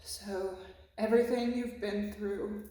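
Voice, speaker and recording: A woman's voice: mid-range voice, steady tone, slow, warm tone. A woman giving a casual, emotional tarot reading, swearing freely and speaking in a reflective way. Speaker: tarot reader. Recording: very echoey room.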